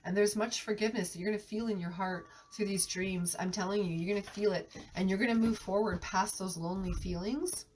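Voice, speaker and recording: A tarot reader with a cold gives an earnest live reading, coughing and often restarting her sentences as she speaks of sensing energies. Her medium-pitched, darkish, steady voice is brisk with hardly any pauses, heard far from the mic with a little hiss or hum.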